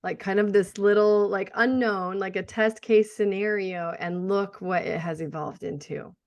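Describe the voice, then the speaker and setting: A woman's voice: mid-range voice, steady tone, normal speed, a little mellow. A middle-aged woman hosting a podcast interview, upbeat and enthusiastic, affirming her guest. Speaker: podcast host.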